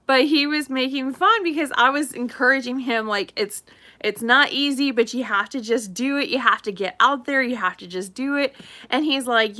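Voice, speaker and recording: Lady rambling on her live stream, bright voice pitched a bit high, laughs a lot. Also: normal speed. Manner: chatty, rambling, laughs often. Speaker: real estate agent. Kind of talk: casual live-stream chat.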